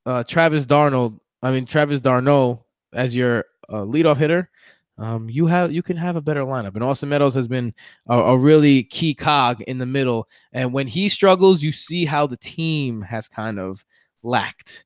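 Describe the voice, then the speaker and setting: A man's voice: medium pitch, normal speed, clear, resonant tone, no room sound, clean studio sound. A man co-hosting a casual sports chat, a fiery fan from New York who rants and swears. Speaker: podcast co-host.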